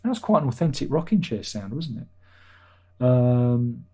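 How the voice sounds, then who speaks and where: Mellow-voiced British man chatting casually. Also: medium pitch, very animated, a little slow, husky. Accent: British English. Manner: chatty, dry jokey asides, chuckles. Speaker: livestream host reading chat. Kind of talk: casual chat.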